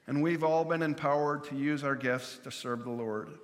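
A man's voice: a little high, moderate pace, long reverb tail. A man preaching a sermon as pastor, earnestly acting out the Bible dialogue.

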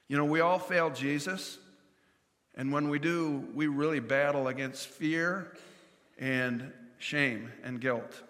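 Bright-voiced preacher in a big hall. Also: male voice, fairly high pitch, measured pace. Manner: earnest, acts out Bible dialogue. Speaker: pastor. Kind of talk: sermon.

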